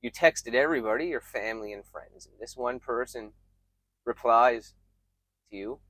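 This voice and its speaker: A man giving reflective, emphatic self-help advice straight to his viewers, pausing often and restarting his sentences. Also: medium pitch, a bit bright, dry recording. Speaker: self-help video creator. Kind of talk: earnest self-help talk to camera.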